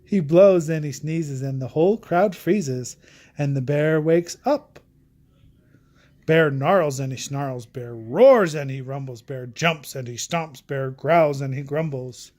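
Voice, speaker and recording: A woman's voice: sits low, lively intonation, slow, dark tone. A woman reading a rhyming picture book aloud in a rhythmic, sing-song way. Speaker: storybook reader.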